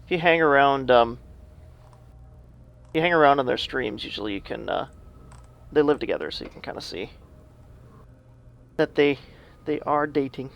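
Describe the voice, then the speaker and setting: A man co-casting a video game match, chatty and gossipy, with a gravelly edge. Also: medium pitch, moderate pace, long pauses, highs cut off. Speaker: esports co-caster. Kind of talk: casual game commentary.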